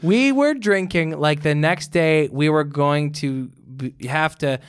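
A man's voice: on the high side, a little slow, smooth. A young man telling a rambling college story in casual chat, full of "like" and acted-out dialogue. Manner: rambling, animated storyteller with lots of "like".

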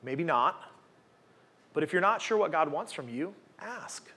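A man in his forties delivers a sermon to a church gathering in a relaxed, conversational way. He leans on rhetorical questions and keeps checking in with his listeners. His voice sits a little high for a man. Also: moderate pace, slightly rough. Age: 40s. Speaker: guest preacher.

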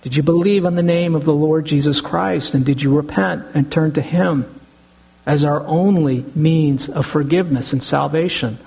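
A man's voice: fairly high pitch, moderate pace, creaky, a little mellow, husky, poor audio. A middle-aged man, a pastor, preaching an earnest sermon and often addressing the congregation as brothers and sisters.

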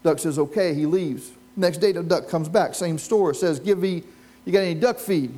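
Here a man with a slightly high, dark-toned voice delivers a sermon at a moderate pace. Before a live church congregation, he tells stories and asks his listeners questions.

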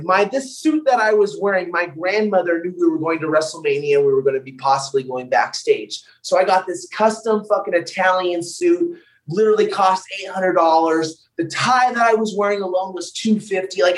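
A young man, a wrestler, telling wild road stories on a podcast in a loud, profane, animated way. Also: high voice, a little fast, distant mic, poor audio. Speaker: wrestler guest. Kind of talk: casual podcast storytelling.

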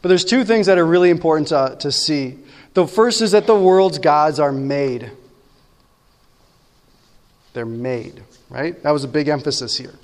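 High-voiced preaching man in a reverberant hall. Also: a little slow, pauses often. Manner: conversational preaching with frequent "right?" asides. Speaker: pastor. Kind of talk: sermon.

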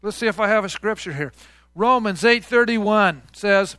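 A man's voice: high voice, moderate pace, bright, forceful tone, no room sound, clean studio sound. A man preaching a sermon as pastor, conversational, calling out questions to the congregation. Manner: conversational, call-and-response with congregation.

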